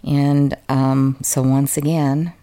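An interview guest, a woman with an unusually deep, low voice, candidly tells her own story in an earnest, open, emotional way, occasionally poking fun at herself. Her delivery is level, slow and mellow.

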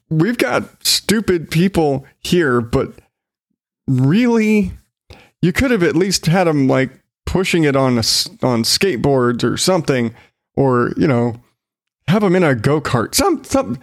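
A man's voice: on the high side, dry recording, clean studio sound. A man hosting his own show, giving casual, sarcastic commentary on odd news stories, swearing and laughing as he goes. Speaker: solo show host.

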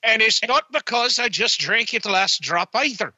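A man's voice: high voice, animated, moderate pace, sharp tone, no room sound, pitched above the performer's own voice, exaggerated voice. A man voicing a jolly, boozy stage-Irish character with a put-on Irish accent and a sing-song brogue.

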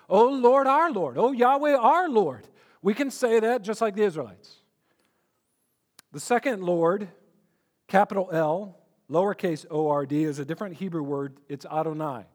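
A man's voice: high voice, darkish tone. A male pastor preaching a sermon, earnest and emphatic, often repeating words as he builds a point.

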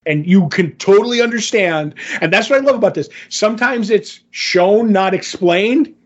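A man with a high-pitched voice co-hosts a casual podcast and walks through a show's events in a lively, scene-by-scene retelling. The sound is muffled and lo-fi. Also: normal speed. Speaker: podcast co-host. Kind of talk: casual podcast chat recapping an episode.

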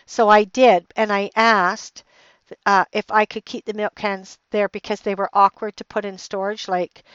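A woman's voice: medium pitch, little pitch movement, normal speed, fairly bright tone, smooth, no room sound. A middle-aged woman hosting a podcast, telling a personal story in a rambling way with lots of restarts and fillers, getting heated and emphatic. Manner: heated and emphatic when retelling anger. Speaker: podcast host. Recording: dull, lo-fi dry recording.

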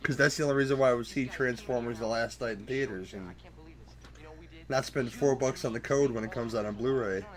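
A man's voice: medium pitch, steady tone. Crude, joking man riffing on a movie. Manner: loose, crude, joking, quick to laugh. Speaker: podcast commentary host. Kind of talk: casual movie commentary chat.

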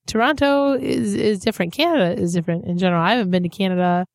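A woman's voice: mid-range voice, fast, vocal fry, no room sound. A brash woman hosts a casual podcast, joking and gossiping while fighting off a cold. Her voice sits in a middle range and the sound is dry and close, with no room around it. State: sick with a cold. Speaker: podcast host.

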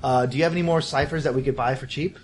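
A man's voice: medium pitch, steady tone, very fast, background noise. A man playing a tabletop game in character, sarcastic and blustering, often laughing. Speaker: player.

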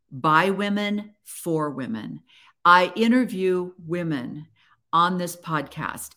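Podcast lady chatting solo, a bit low-pitched, earnest, keeps restarting her sentences. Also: a bit bright. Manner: earnest, encouraging, with frequent restarts. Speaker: podcast host. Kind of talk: casual solo podcast talk.

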